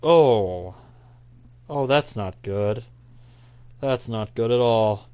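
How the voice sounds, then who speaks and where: A man's voice: mid-range voice, slow, mellow, clean tone. A man hosting a let's play, reading a visual novel aloud and reacting with exasperated asides.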